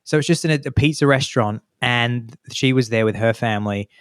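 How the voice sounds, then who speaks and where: A man's voice: medium pitch, brisk, clear, resonant tone, no room sound, studio quality. A man co-hosting a podcast, chatting casually and acting out the people he quotes. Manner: animated storyteller, acts out quotes. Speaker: podcast co-host. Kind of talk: casual chat.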